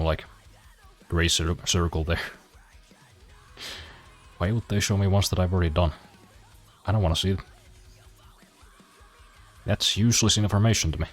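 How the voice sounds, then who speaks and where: A man's voice: low voice, steady tone, moderate pace, pauses often, faint music behind. A man streaming a racing game, chatting casually with dry, self-deprecating humor and casual swearing. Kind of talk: casual gameplay commentary.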